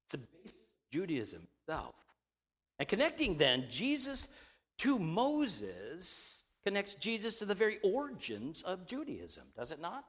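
A man's voice: high voice, huge pitch swings, measured pace, fairly bright tone, husky. A man preaching, reading a scripture passage aloud and teaching from it, often asking his listeners questions. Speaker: pastor. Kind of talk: Bible reading and sermon teaching.

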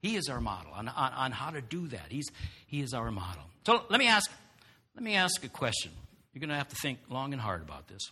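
A man preaching a sermon in an animated way, throwing rhetorical questions to the congregation. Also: mid-range voice, fairly quick, slightly rough, big-room sound.

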